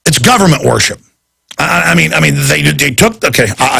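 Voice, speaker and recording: A man's voice: a little high, expressive, moderate pace, vocal fry, pushed and bright, husky. A man hosting a talk radio show, delivering a heated, rambling and indignant monologue.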